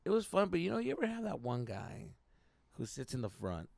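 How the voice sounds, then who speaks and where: A young man, a comedian co-hosting a podcast, telling stories in a profane, animated way while hoarse from a lost voice. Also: a little high, fairly quick, no echo. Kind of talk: casual podcast chat.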